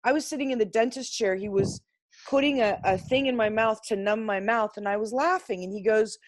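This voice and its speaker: A woman speaks to a spiritual group over a video call, her voice sitting fairly high. She is blunt and emphatic and swears without a second thought. The sound is dry and close, with no room around it. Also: brisk, dry recording. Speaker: class participant sharing insights. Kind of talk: impassioned spiritual group talk.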